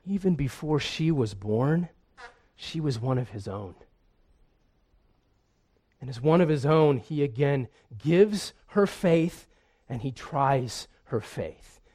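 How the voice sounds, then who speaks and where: A man's voice: fairly high pitch, lively intonation, slow, pauses often, dark tone. A man preaching a sermon in an earnest way, often repeating a word as he restarts. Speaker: pastor.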